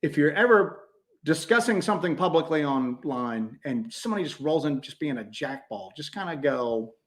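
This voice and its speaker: A man co-hosting a live chat show, rambling along in a slightly high voice. He keeps breaking into quoted voices to act out his stories. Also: expressive, moderate pace, a bit bright. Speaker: co-host. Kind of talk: casual livestream chat.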